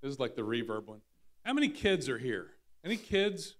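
A man's voice: mid-range voice, wildly swooping pitch, fast talker, background noise. A man leading a church service on a stage microphone, playful and teasing before moving to the offering. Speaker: pastor. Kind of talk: joking church talk. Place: church sanctuary.

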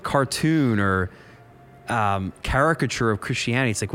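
A man co-hosting a podcast, chatting casually with an expressive, up-and-down delivery. He sounds enthusiastic and reflective, and his voice sits at a mid pitch. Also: normal speed, clear, resonant tone. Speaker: podcast co-host. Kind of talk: casual chat.

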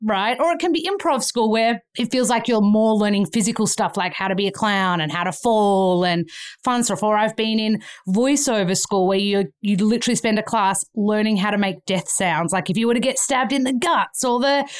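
A woman in her thirties with an Australian accent, a guest telling lively stories and acting out the people in them. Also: mid-range voice, normal speed. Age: 30s. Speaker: guest, actor. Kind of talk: animated storytelling in a chat.

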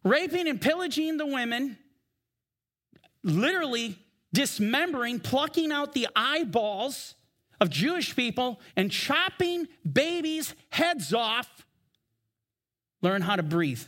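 High-voiced man preaching a sermon. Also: big pitch swings, a bit bright. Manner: emphatic, slows for scripture readings. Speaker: pastor. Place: church.

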